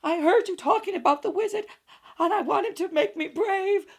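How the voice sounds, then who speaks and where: A woman's voice: very high voice, moderate pace, voice pushed up. A woman voicing a cowardly male lion who pleads in fright, in a storybook reading. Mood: panicked.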